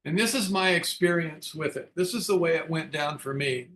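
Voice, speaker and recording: Bright-voiced older man telling his story. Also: fairly high pitch, normal speed. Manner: frank, self-mocking, chuckles often. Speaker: speaker leading a recovery book study. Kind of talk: candid storytelling talk.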